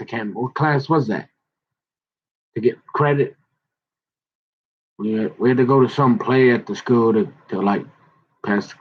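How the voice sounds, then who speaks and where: Husky man rambling through old stories. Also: sits low. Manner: rambling, quoting others in animated voices. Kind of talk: casual storytelling about high school memories. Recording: dull lo-fi recording.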